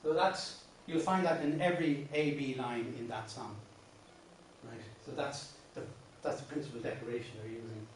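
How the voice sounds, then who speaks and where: A man's voice: medium pitch, moderate pace, recorded from a distance, slight background noise. An Irish man teaching a song workshop, explaining verse patterns patiently with many restarts and breaking into sung lines. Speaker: singing teacher. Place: classroom. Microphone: distant room mic. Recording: very echoey classroom, voice off-mic.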